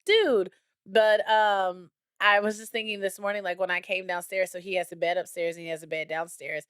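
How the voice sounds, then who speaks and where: A woman's voice: lowish voice, little pitch movement, a little fast, fairly bright tone, clean tone, dry recording, clean studio sound. A woman in her thirties co-hosting a podcast, chatting candidly and telling a family story with quoted voices. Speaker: podcast co-host. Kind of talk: casual chat.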